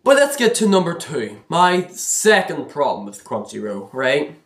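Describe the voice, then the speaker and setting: A man's voice: on the high side, sing-song, measured pace, a bit bright. Exasperated man ranting in an echoey room. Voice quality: rambling, repeats himself, frequent restarts. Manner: exasperated, complaining. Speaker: vlogger. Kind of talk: casual rant to camera.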